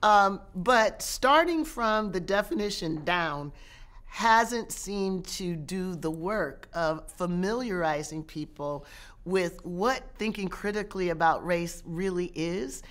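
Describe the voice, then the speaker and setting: Measured professor woman, halting restarts. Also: fairly low pitch, animated, fairly bright tone. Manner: measured, with frequent restarts and pauses. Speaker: guest, professor and author. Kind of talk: interview answers.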